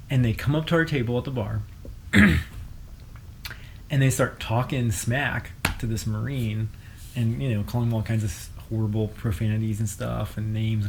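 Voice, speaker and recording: A man's voice: lowish voice, a little hiss or hum, rough recording. A man, an astrologer guest, telling a story in casual chat, with many fillers and bursts of laughter.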